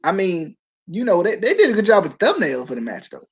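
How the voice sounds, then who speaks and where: A man's voice: high-pitched, big pitch swings, fast, breathy edge, lo-fi sound. A man hosting a wrestling podcast, rambling casually with frequent laughs and restarts. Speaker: podcast host. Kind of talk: casual chat.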